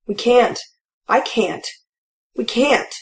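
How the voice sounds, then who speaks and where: A woman's voice: mid-range voice, lively intonation, unhurried, gravelly. A woman narrator voicing a distraught woman who pleads and refuses, close to tears, in a slightly raised voice. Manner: shaken, pleading, near tears. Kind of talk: audiobook character voice.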